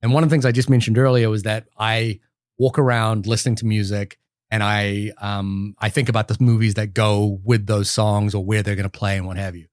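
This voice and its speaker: A man's voice: fairly low pitch, level tone, fairly quick, a little mellow, dry recording, clean studio sound. A man co-hosting a film podcast, talking in a rambling, enthusiastic way with many restarts. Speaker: podcast co-host. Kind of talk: casual film discussion.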